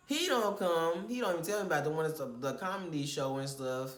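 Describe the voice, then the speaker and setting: A young man from Houston, telling a heated story in casual vlog style, profane and animated, acting out what others said. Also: a little high, brisk, few pauses. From Houston, Texas. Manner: animated, profane, quotes others in his own voice. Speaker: vlogger. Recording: echoey room with faint ambience.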